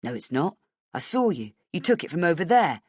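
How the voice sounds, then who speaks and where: A woman's voice: sits low, sing-song, a little fast, breathy edge, no echo, studio quality, heavily acted. A woman voicing a blunt, middle-aged male security guard who speaks curtly and insistently. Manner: curt and insistent.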